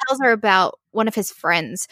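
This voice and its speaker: A woman's voice: medium pitch, lively intonation, moderate pace, pushed and bright, no room sound, studio quality. A woman co-hosting a podcast, enthusiastically discussing a romance novel, laughing often and leaning on fillers. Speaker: podcast co-host. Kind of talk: casual book discussion.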